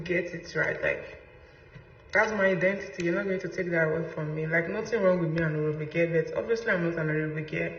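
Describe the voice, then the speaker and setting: A woman's voice: fairly low pitch, fast talker, a little hiss or hum. A woman from Nigeria with a Nigerian accent, talking casually and emphatically, repeating her points for stress. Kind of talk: casual personal monologue. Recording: roomy echo, distant mic, dull sound.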